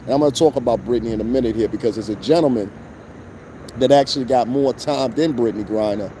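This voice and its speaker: A man's voice: mid-range voice, quick pace, mellow, a little hiss or hum. A man hosting a show, ranting in blunt, profane commentary with rhetorical asides to his listeners. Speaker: show host. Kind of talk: unscripted commentary rant.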